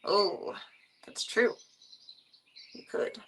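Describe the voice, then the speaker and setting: A woman's voice: very slow, a bit bright. A young woman streaming from home, chatting casually with viewers about her pets, giggly and talkative. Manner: chatty, giggly, talks in a high sing-song baby voice to her cats. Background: bird sounds and fan noise.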